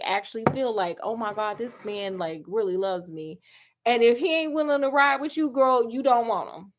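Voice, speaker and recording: A woman giving a chatty, animated casual film review, talking straight to her viewers. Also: fairly high pitch. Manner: animated, chatty, calls viewers girl and honey.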